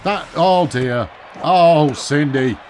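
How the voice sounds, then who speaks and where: A man's voice: a little high, slow, darkish tone, a little hiss or hum. A man giving wry, chatty commentary while he plays a baseball video game, often talking to himself. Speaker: gaming video host. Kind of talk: let's-play commentary.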